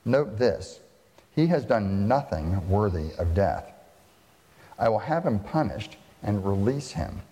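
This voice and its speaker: A man reading the part of an uneasy Roman governor aloud in a formal, measured way, heard in a reverberant hall. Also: on the low side, big pitch swings, dark tone, exaggerated voice. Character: stern Roman male governor, uneasy and wavering. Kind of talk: scripture reading.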